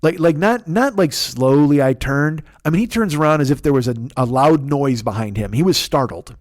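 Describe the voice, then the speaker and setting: A man's voice: fairly high pitch, lively intonation, normal speed, no echo, clean studio sound. A man in his forties hosting a comedy podcast, telling a rambling, profane story with lots of restarts. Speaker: podcast host.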